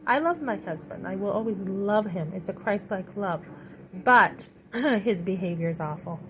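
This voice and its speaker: A woman's voice: mid-range voice, a bit bright. A middle-aged woman in a rambling personal monologue, full of fillers and restarts. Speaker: vlogger. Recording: noisy background.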